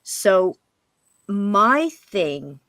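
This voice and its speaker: A woman telling a spirit story as a guest medium on a paranormal interview show, acting out what she and others said and dropping into a hush at times. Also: mid-range voice, extremely slow, no echo. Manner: animated, quotes spirits and herself in hushed voice.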